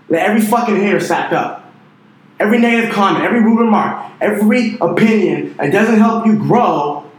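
A young man in his twenties delivers a fired-up motivational rant, swearing freely and hammering his points with conviction. His voice sits a bit high for a man. The sound bounces around a very echoey room. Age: 20s. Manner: intense, profane and emphatic, with repeated "dude" and "you know". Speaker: motivational online entrepreneur.

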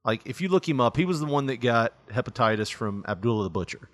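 A man co-hosts a loose, profane podcast. His pitch swings widely as he jokes, and he laughs often. The sound is dry and close. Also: animated, fast talker, dry recording. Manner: laughs often, slips into mock voices and accents. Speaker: podcast co-host. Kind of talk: casual podcast banter.

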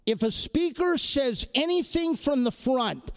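Male preacher, high voice, slow deliberate exhortation, earnest sermon delivery. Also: lively intonation, smooth. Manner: earnest, exhorting, repeats key phrases. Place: crowded hall or chapel.

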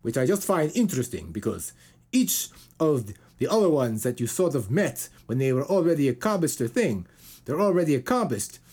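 A husky-voiced man hosts a loose, casual podcast. His pitch swings widely as he rambles, full of fillers and little put-on voices. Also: big pitch swings, normal speed, darkish tone. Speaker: podcast host.

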